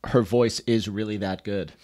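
A man co-hosting a podcast, chatting in a relaxed way and chuckling now and then. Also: on the low side, measured pace. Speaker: podcast co-host. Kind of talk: casual chat.

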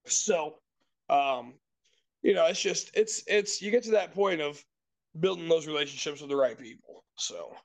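A man's voice: on the high side, a little slow, gravelly. A man in casual podcast chat, telling a long rambling story with restarts and casual swearing.

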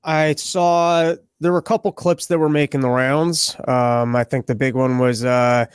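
A man co-hosting a podcast in casual, deadpan, crude joking chat. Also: medium pitch, a little slow, clear, resonant tone, dry recording, clean studio sound. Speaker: podcast co-host. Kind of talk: casual comedic political chat.

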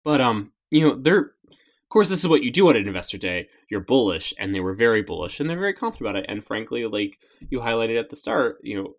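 A man's voice: mid-range voice, sing-song, fast. A man co-hosting a podcast, speaking casually with many fillers and repeated words. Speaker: podcast co-host. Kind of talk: casual chat.

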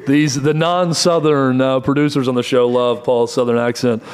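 A middle-aged man hosting a sports show, giving college football analysis and rattling off stats in short, brisk bursts. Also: mid-range voice, steady tone, clean tone.

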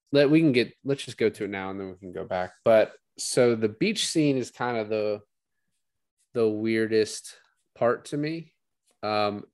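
A man with a fairly low voice, talking loosely about a film he is revisiting. He laughs a lot, curses freely and puts on quick voices for the characters. The sound is dry and close, with no room around it. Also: smooth, no room sound. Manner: laughing, swearing, acts out quoted characters. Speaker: podcast co-host. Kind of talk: casual movie discussion.

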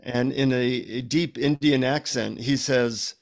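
A middle-aged man, an author, telling a story in an animated conversational way and acting out the dialogue. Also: medium pitch, measured pace. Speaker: author guest.

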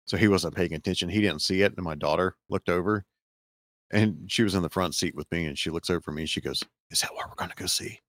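A man's voice: sits low, quick pace, a bit bright, no echo, studio quality. A man with a Southern American accent, hosting a casual podcast chat and telling a rambling story full of fillers. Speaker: podcast host.

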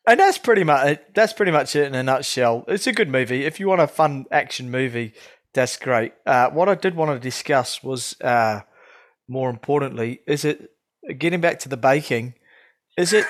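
A man's voice: medium pitch, lively intonation, normal speed, a bit bright. A man co-hosting a casual film podcast, chatty, laughing often and trailing off with ums. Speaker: podcast co-host.

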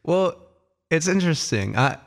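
Male co-host, fry in the voice, casual music chat, keen but halting. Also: fairly high pitch, sing-song. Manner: enthusiastic but halting, with many ums. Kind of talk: casual album review chat.

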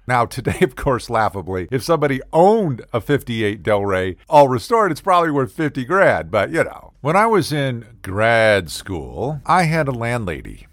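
A male comedian spins a comic monologue with a wry, sarcastic edge. His pitch leaps and dips animatedly as he exaggerates, at a middle height for a man. The sound is dry and close. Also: very animated, normal speed, few pauses, dry recording.

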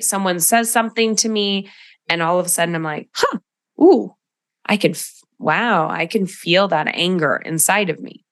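Woman podcast host, slow and low, reflective coach who keeps asking "right?", dry booth sound. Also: a bit bright, dry recording. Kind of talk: solo podcast monologue.

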